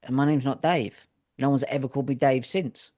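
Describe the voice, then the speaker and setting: A man's voice: medium pitch, steady tone, brisk, a little mellow. British man reading news with jokes. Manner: reads stories out with jokey asides. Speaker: podcast co-host. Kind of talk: casual chat, reading news aloud.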